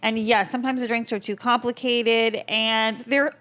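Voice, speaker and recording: A woman's voice: on the high side, little pitch movement, normal speed, fairly bright tone. A woman hosting a podcast, chatting casually with blunt, opinionated remarks and easy laughter. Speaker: podcast host. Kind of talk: casual chat.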